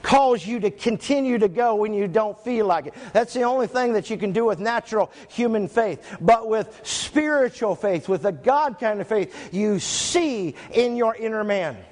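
A male pastor preaching a sermon to his church, reading scripture slowly and stressing single words. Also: sits high, animated, darkish tone. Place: church sanctuary. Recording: echoey church hall.

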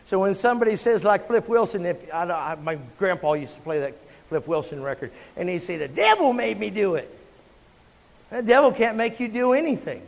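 High-voiced male pastor preaching in a hall. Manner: emphatic, call-and-response preaching. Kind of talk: sermon. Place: church sanctuary. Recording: long hall reverb.

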